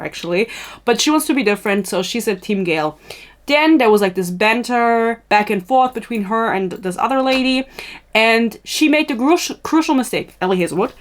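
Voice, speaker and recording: A woman hosting a podcast in a casual, tangential chatty style, swearing freely and laughing at her own asides. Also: medium pitch. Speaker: podcast host.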